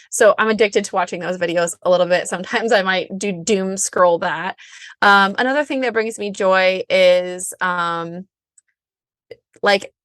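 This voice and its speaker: A bubbly woman in her thirties talks casually as an interview guest. She fills her speech with likes and ums. Her voice sits at a middle pitch and sounds dry and close. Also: a bit bright, no echo. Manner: bubbly, chatty, says like and um often. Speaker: guest, Enneagram coach.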